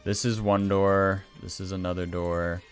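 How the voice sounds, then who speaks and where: A man's voice: deep voice, level tone, measured pace, faint music behind. A man narrating as game master, casual and a little hesitant. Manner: casual, hesitant, many fillers.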